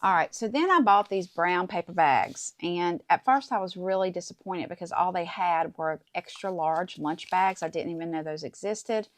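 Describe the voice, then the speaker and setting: Talking at normal speed with few pauses, this crafting channel host has a fairly low voice and no room sound. She's a middle-aged woman working at her desk, chatting to viewers with lots of "guys" and "okay?"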